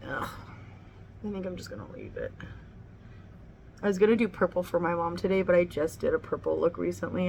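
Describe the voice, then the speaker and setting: Sitting in a home room near the kitchen, a middle-aged woman with a lowish, creaky voice chats while applying makeup for her beauty vlog. She talks bluntly and casually, cursing freely, and there's slight background noise in this get-ready-with-me clip.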